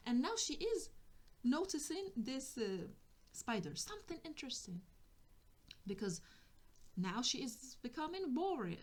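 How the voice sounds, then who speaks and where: Hesitant woman giving a tarot reading. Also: on the high side. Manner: hesitant, restarts often, searches for words. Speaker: tarot reader. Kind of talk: spiritual guidance reading.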